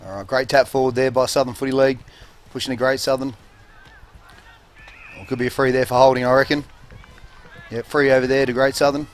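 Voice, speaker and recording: A man with an Australian accent commentating a local football game in a relaxed, halting way with many fillers. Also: medium pitch. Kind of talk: casual sports commentary. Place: commentary box at an outdoor oval.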